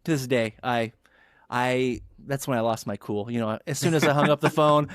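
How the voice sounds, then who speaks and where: A male pharmacist guest telling a story in an animated, casual way and acting out the people in it. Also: normal speed, no echo, studio quality. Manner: animated, acts out quotes with big pitch jumps.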